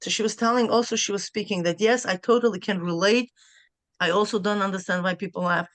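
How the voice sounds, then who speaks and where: Lively laughing woman telling a story. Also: medium pitch, no room sound. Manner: lively, laughing, bursts of rapid speech. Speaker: class participant. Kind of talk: casual storytelling.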